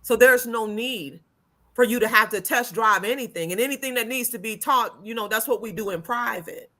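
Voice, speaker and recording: A woman's voice: a little high, moderate pace, pushed and bright. A woman speaking as the guest on a relationship chat show, upbeat and affirming, often chiming in to agree with the host. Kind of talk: casual chat.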